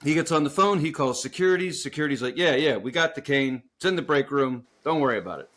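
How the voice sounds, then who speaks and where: A man with a slightly raised voice tells a rambling, swearing story for a podcast. He is animated and quick to laugh, and his voice jumps up when he acts out the other people in the story. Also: a little high. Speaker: podcast co-host. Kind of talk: casual storytelling chat.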